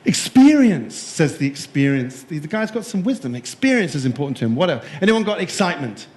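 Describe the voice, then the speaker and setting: Man, conference keynote, playful and jokey, quizzes the crowd, somewhat high voice, echoey room. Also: sing-song, brisk, a little mellow. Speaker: keynote speaker. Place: conference room before a live audience.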